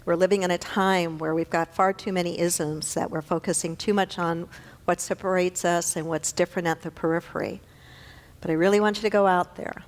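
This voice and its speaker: A woman's voice: lowish voice, steady tone, a little fast. A woman minister giving an earnest, conversational sermon to her congregation, often repeating phrases for emphasis. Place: large church sanctuary. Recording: long hall reverb.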